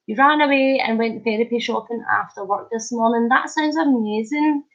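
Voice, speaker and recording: Woman vlogger, high and unhurried, giggly and hyper, casual live-stream chat, muffled stream sound. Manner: chatty and giggly, laughing often. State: hyper and wide awake. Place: at home. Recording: slightly muffled lo-fi stream audio.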